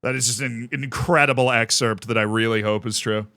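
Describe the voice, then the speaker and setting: A man's voice: medium pitch, steady tone, a little fast, pushed and bright, dry recording, studio quality. A young man from the United States chatting casually on a live stream, rambling and self-mocking as he thanks viewers by name.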